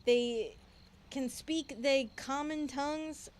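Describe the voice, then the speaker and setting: A greedy old sea dog of a pirate, voiced by a woman in a put-on pirate accent. The voice sits high and keeps tripping over the thick dialect, half reading and half acting. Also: darkish tone. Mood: gruff. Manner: halting, stumbling over the written dialect. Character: gruff male pirate sailor, greedy.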